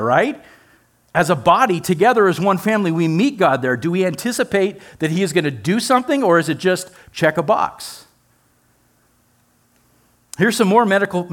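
A male pastor with a fairly bright, higher-leaning voice preaches conversationally. He poses rhetorical questions to the congregation and tosses in playful asides.

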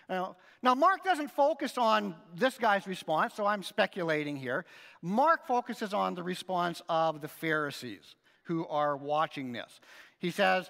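A pastor preaches in an animated, conversational way, tossing in frequent "right?" asides, his high voice swinging widely. His tone is bright and forward with vocal fry, at a moderate pace, and the long reverb of a big hall surrounds him.

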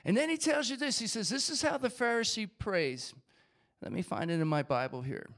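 A man's voice: sits high, lively intonation, brisk, fairly bright tone. A man preaching a sermon, reading scripture aloud and acting out the voices of the crowd.

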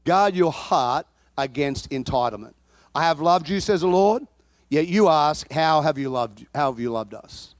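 Guy preaching a sermon, high voice, gets loud and animated telling stories, dry close sound. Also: unhurried, no echo. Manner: animated storytelling, bursts into shouting.

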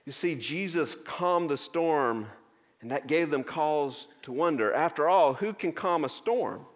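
Guy preaching a sermon, a bit high voice, long church echo, earnest, lots of pauses. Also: animated. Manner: earnest, explaining scripture with many pauses. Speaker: pastor. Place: church sanctuary.

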